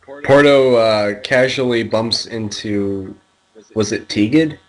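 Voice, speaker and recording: A man's voice: on the low side, slow pace, poor audio. A man playing in a tabletop game, easygoing. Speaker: player.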